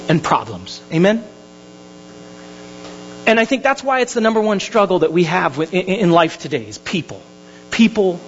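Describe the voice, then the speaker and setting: A male pastor, preaching a sermon with animated storytelling that swings from hushed to loud. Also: high voice, slight background noise. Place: church hall. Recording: dull lo-fi sermon recording.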